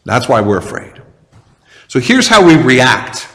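A male pastor preaching a sermon in a church. He talks conversationally and slows down to lean hard on key phrases. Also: medium pitch, sing-song, pushed and bright, long reverb tail. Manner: conversational, with slow, heavy emphasis on key phrases.

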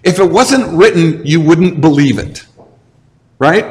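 A man in his forties preaches in a relaxed, conversational way and often puts questions to the listeners. His voice sits a little high for a man. A long reverb of a large hall trails each phrase. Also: slow. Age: 40s. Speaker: pastor. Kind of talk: sermon.

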